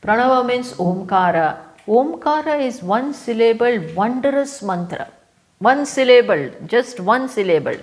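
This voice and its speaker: Slow, deliberate Indian woman teaching scripture. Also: a little high, expressive. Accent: Indian English. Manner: unhurried, repeats key phrases for emphasis. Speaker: spiritual teacher. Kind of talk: scripture lecture. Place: live talk venue.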